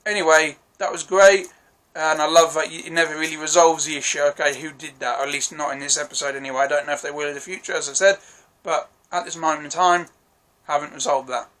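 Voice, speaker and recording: A man's voice: a little high, fairly even intonation, fast talker, fairly bright tone. A young man casually reviewing a TV episode on his own, enthusiastic and rambling, often correcting himself and apologising, with the odd swear. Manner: self-correcting, apologetic asides. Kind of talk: casual solo review vlog.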